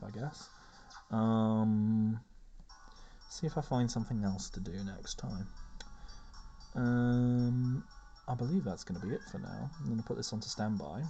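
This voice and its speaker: A man's voice: fairly low pitch, warm tone, dull audio. A man casually commenting on a video game, chatty and rambling, chatting to his cats as he plays. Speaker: let's play host.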